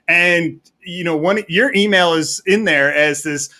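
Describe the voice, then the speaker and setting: A man, a filmmaker guest on a podcast, telling stories in an animated, enthusiastic way. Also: on the high side, measured pace. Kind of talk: casual podcast chat.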